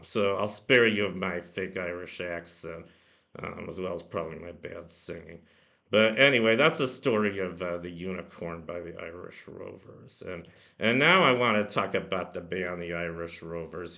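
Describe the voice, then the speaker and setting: A man with a low, bright, forceful voice talks through a favorite song at home. He rambles casually, leaning on fillers and restarts, as if chatting to viewers from his computer mic. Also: creaky. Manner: rambling, many "you know" fillers. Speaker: music blog host. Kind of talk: casual spoken song commentary. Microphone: computer microphone.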